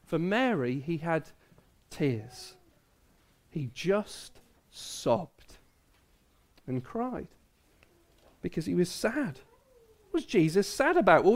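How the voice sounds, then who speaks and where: A preacher giving a family sermon to children and adults, drawing the listeners in with many tag questions. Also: medium pitch. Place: church service.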